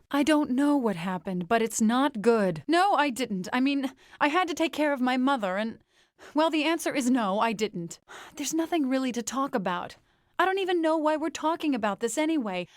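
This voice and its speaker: A stubborn young farmer woman from a fantasy game, guarded and prickly, often breaking off her thoughts. Her voice sits fairly high. It is recorded dry and close, with no room sound. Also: no room sound. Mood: concerned. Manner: hesitant, many "well" pauses, defensive. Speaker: game companion character. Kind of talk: video game voice acting.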